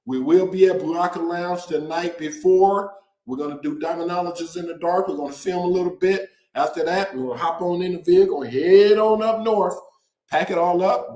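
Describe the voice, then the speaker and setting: A man hosting a casual show, talking to viewers in an animated, joking way and drawing out words for emphasis. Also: high-pitched, roomy sound, rough recording. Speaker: host. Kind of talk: casual direct-to-camera promo talk.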